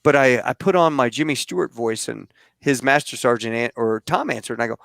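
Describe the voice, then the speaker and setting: A man in his fifties, a podcast host, telling a story in an animated, laughing way. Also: mid-range voice, fairly quick, gravelly, dry recording. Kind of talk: storytelling in casual chat.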